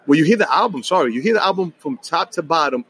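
A young man, a guest musician telling his story in animated, rapid casual chat, slipping in Spanish words. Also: on the high side, slight background noise, poor audio. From New York City.

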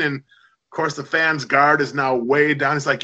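A man's voice: on the high side, fairly even intonation, normal speed, pushed and bright, poor audio. A middle-aged man telling rambling, anecdotal stories as a guest in casual conversation. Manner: chatty, anecdotal, many fillers. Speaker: podcast guest. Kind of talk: casual storytelling.

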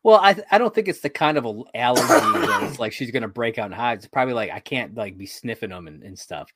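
A man's voice: medium pitch, lively intonation, fast, heavy background noise. A man co-hosting a podcast, chatting casually about a sitcom episode, rambling, laughing often and swearing now and then. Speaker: podcast co-host.

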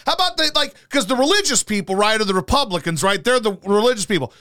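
A man's voice: high-pitched, expressive, fast talker, sharp tone. A man co-hosting a podcast at home, ranting in a combative, sarcastic way and swearing constantly. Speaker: podcast co-host. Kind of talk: profane comedic rant. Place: house.

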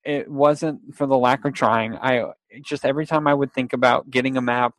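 A man's voice: medium pitch, fairly even intonation, moderate pace, fairly bright tone, no echo. A young man telling a long casual story with restarts and quotes, in a dry, close recording. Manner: rambling, with restarts, laughs and acted-out quotes.

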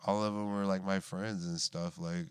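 A man's voice: sits low, little pitch movement, moderate pace, smooth, no room sound. A man in his thirties, a guest casually telling stories from his life, swearing freely and laughing as he talks. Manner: laid-back, swears often, laughs through stories. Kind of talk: casual storytelling chat.

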